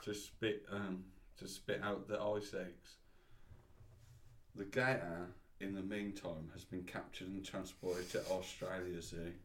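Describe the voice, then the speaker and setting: A man's voice: sits low, flat delivery, slow pace, fairly bright tone, echoey room, distant mic. A man co-hosting a podcast, rambling through crude casual banter and swearing. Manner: rambling, swearing, giggly storyteller. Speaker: podcast co-host.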